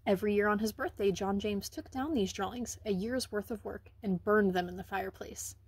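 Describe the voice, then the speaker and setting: A woman reading a children's picture book aloud, with gentle, expressive storytelling. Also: mid-range voice, fairly quick, slightly rough, no echo. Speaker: reader.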